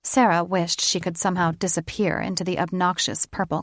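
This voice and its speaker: A woman narrating a fantasy audiobook in a measured, unhurried storytelling manner. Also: lowish voice, steady tone, dry recording, studio quality.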